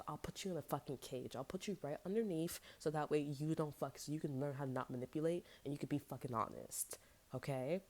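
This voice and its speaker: A woman's voice: deep voice, darkish tone. A woman tarot reader talking in a casual, rambling monologue, venting and swearing freely, sometimes dropping to a whisper. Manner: profane, venting, drifts into whispers.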